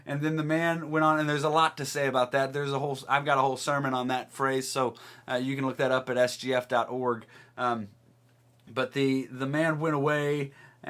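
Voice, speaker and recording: A man gives a short sermon in a bright, somewhat high voice. He retells the story with animation, acting out the quoted lines and laughing easily as he goes. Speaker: pastor.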